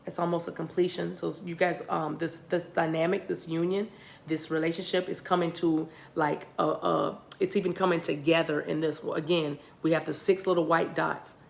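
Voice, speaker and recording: A woman's voice: sits low, level tone, normal speed, creaky. An American woman giving a spiritual card reading, talking directly to viewers, repeating and restarting her words. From United States. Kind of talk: tarot-style card reading.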